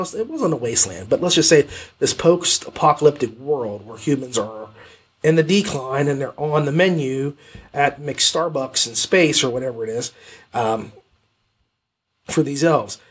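A man hosting an audiobook review podcast, talking in a rambling, animated way with lots of fillers and self-corrections. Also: fairly high pitch, breathy edge. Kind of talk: casual spoken review.

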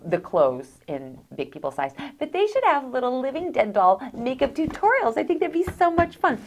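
A woman hosting a doll review, talking excitedly and gushing over each detail with gasps of delight. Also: mid-range voice. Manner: gushing, gasping with delight, chatty. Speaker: host of a doll review channel.

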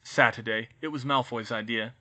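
A man voicing an anxious teenage boy wizard in an audiobook reading, hurried and worried. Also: mid-range voice, steady tone, sharp tone. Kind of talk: audiobook reading of fan fiction.

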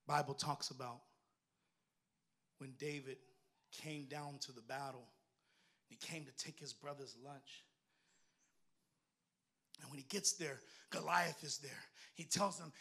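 Preach it as a woman minister, bright and forceful, moving from shouts down to a soft, low storytelling voice. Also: measured pace, creaky, pauses often, husky. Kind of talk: sermon.

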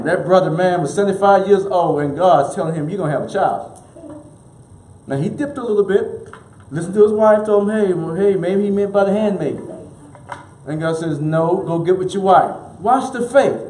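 High-voiced man preaching in an echoey room. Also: moderate pace, warm tone. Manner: emphatic preaching, repeats key lines, leads congregation call-and-response. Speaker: minister. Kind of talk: sermon.

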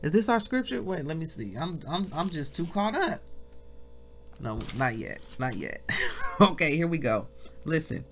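A woman leading a devotional Bible lesson, reading scripture slowly and breaking into shouts of praise. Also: low voice, very animated. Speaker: minister.

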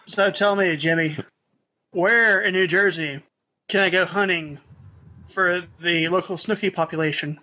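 A man's voice: high-pitched, fairly even intonation, measured pace, sharp tone, highs cut off. A man co-hosting a podcast in casual banter, throwing playful, teasing jabs at the others. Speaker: podcast co-host.

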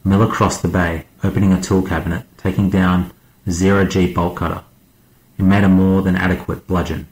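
A man narrating an audiobook as a guest reader, in a measured, steady way. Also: sits low, roomy sound, rough recording.

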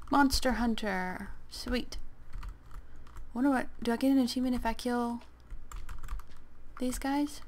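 A woman giving casual, playful gameplay commentary while sick, clearing her throat and chatting to the game creatures. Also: on the high side, a little slow, pauses often, a little mellow, slight background noise. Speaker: gaming let's player.

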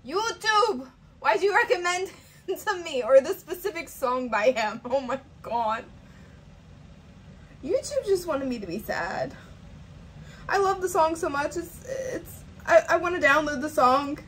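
A woman's voice: high-pitched, expressive, measured pace, a little hiss or hum, poor audio. A woman hosting a reaction video, gushing emotionally and fighting back tears as she comments. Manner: emotional, gushing, repeated exclamations.

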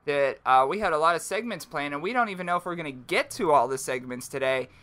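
A man's voice: a little high, lively intonation, fast, sharp tone. A man in his twenties co-hosting a casual podcast, joking through a mock ad read. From Pennsylvania, USA. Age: 20s. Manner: jokey, mock-announcer ad reads. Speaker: podcast co-host.

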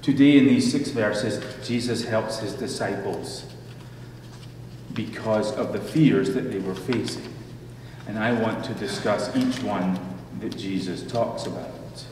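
A male pastor reading scripture and preaching a sermon in a measured storytelling manner, recorded from afar in a church sanctuary. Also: lowish voice, background noise. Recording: echoey church hall from far off.

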